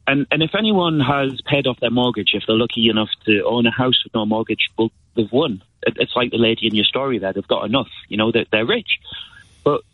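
A man's voice: mid-range voice, fairly quick, dry recording. A man from northeast England calling in to a radio show, talking in an earnest, hesitant way, with a northeast English accent. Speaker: caller. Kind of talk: phone-in call. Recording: tinny phone line.

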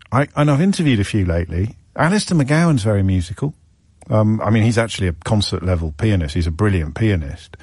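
A man's voice: medium pitch, a little mellow, no echo, studio quality. A man hosting a radio phone-in, talking in a rambling, teasing way with self-mocking asides. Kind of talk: casual radio chat. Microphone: studio microphone.

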